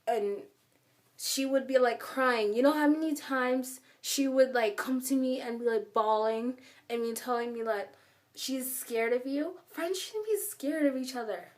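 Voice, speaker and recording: A woman's voice: high voice, unhurried. A woman vlogger telling a story in a casual, rambling way, filling her speech with "like" and stressing her points hard. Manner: rambling and emphatic, heavy use of filler "like". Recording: voice a bit far from the mic.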